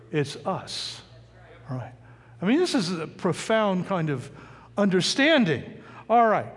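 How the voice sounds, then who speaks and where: In a large hall, a high-pitched male pastor delivers a lively, conversational sermon. He keeps turning to the congregation with questions.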